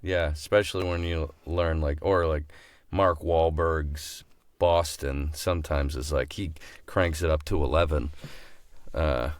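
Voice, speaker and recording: A man's voice: extremely low pitch, steady tone, unhurried, no echo. A man co-hosting a casual interview show, chiming in with brief remarks. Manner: brief interjections, laughs easily. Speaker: co-host.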